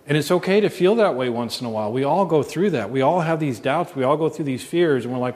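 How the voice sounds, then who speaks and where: A man's voice: fairly high pitch, lively intonation, fast talker, few pauses, a little mellow. A man preaching a sermon as pastor, earnest, asking his congregation questions. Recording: long reverb.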